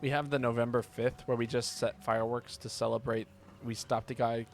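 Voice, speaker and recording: A mid-range male voice, a little fast, comes from a gamer streaming live with slight background noise. He jokes casually with his audience and reads their chat aloud while playing, staying relaxed throughout.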